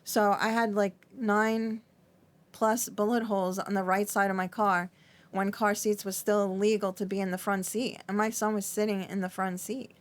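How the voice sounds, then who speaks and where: Shaky middle-aged woman, halting recollection. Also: medium pitch, level tone. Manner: halting, repeats and restarts often, fillers like "like". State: shaky, trembling. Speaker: podcast guest. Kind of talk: emotional interview recollection.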